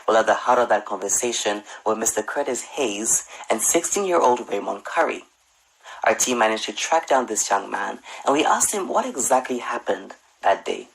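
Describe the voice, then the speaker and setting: A man interviewing for a broadcast news story, asking steady, measured questions. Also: fairly low pitch, vocal fry, slight background noise, poor audio.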